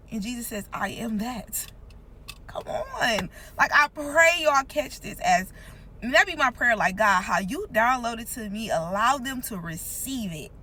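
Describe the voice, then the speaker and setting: A woman's voice: fairly high pitch, bright, forceful tone, a little hiss or hum, poor audio. A woman giving an earnest, informal devotional teaching, repeating points for emphasis. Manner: earnest, repetitive, emphatic, conversational. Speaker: Christian content creator.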